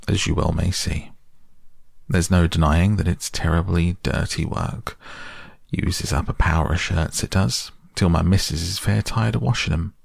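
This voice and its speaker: A man voicing a burly, kindly engine driver with rough, homely country speech. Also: deep voice, no echo, clean studio sound.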